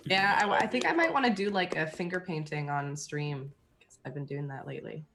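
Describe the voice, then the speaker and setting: A woman's voice: deep voice, brisk, crowd noise. A young woman who streams and studies, introducing herself in a bubbly, slightly hesitant way. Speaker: streamer and student. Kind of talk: casual livestream chat.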